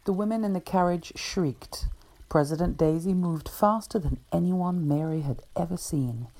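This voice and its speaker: A woman author reading her own short story aloud in a measured, even way. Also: on the low side.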